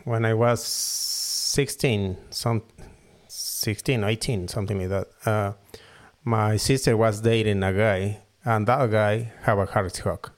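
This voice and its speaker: A man from Mexico whose first language is Spanish, speaking halting English with a Mexican accent as a guest in a casual interview, often repeating words as he searches for them. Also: fairly low pitch, fairly even intonation. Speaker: guest falconer and hood maker.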